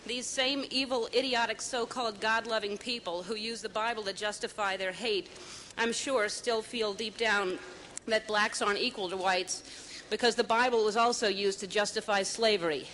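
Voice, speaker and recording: A tearful woman giving an emotional speech at an outdoor vigil, halting and stammering through false starts at a podium microphone. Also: mid-range voice, fairly even intonation, a bit bright, slight background noise, poor audio. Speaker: speaker at a public vigil. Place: outdoors on building steps at a vigil.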